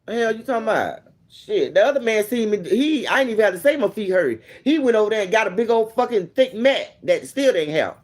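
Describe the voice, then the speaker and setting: A man hosting a vlog, casually telling a story to a friend in a profane, animated way and acting out what people said. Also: high voice, a little fast. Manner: animated, profane, acts out quoted dialogue. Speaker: vlog host.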